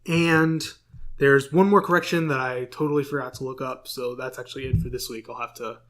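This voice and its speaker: A man's voice: medium pitch, fairly even intonation, a little fast, fairly bright tone. Chatty man co-hosting a podcast. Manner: rambling, filler-heavy, self-correcting. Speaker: podcast co-host. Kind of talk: casual chat.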